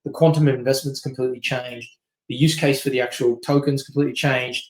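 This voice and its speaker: A man's voice: mid-range voice, little pitch movement, poor audio. A man presenting as a company chief, talking casually and loosely, with many fillers, restarts, and a frequent "right?". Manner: quick, loose, filler-heavy, keeps asking "right?". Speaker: company CEO giving a masterclass.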